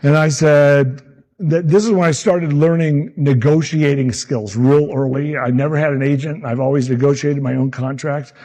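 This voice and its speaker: A man in his sixties, a meteorologist telling animated stories about his early career and acting out the people he quotes. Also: fairly high pitch, normal speed. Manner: animated anecdotes, acts out quotes. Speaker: meteorologist speaker at a summit. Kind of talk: storytelling talk.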